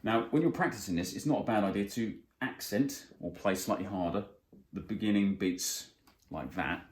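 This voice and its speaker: A man teaching a guitar music theory lesson, explaining plainly and counting beats out loud. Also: fairly low pitch, normal speed. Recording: roomy sound with faint guitar.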